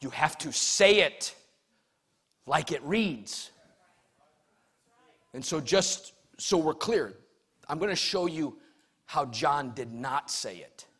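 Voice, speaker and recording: A man preaching a sermon in a rhythmic, emphatic way, swinging from hushed lines to shouted ones. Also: a little high, animated, slow pace, long pauses, breathy edge. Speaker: pastor.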